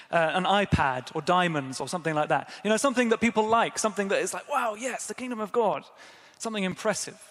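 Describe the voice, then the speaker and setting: A man's voice: on the high side, in a large hall. A man preaching a sermon at a church service, conversational and self-deprecating, talking directly to his congregation.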